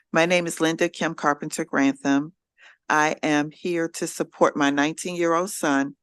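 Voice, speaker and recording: A woman's voice: deep voice, smooth, no room sound, studio quality. A woman giving prepared testimony at a committee hearing, earnest as she recounts a family story into a desk microphone. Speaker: witness testifying. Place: hearing room.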